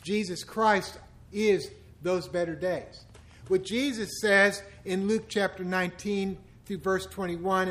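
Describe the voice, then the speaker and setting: A man's voice: high-pitched, fairly bright tone. A middle-aged man preaching a sermon as pastor, speaking conversationally and growing emphatic and impassioned.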